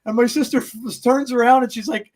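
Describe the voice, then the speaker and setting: A man's voice: very high voice, fairly even intonation, quick pace, darkish tone. A man co-hosting a wrestling podcast, telling rambling anecdotes in casual chat, with lots of fillers and restarts and laughter at his own stories. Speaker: podcast co-host.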